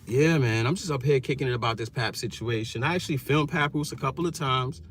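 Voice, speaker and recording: A man's voice: medium pitch, fast, faint music behind. A man, a YouTuber telling stories in casual, slangy vlog talk from inside his car. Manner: animated, slangy storytelling.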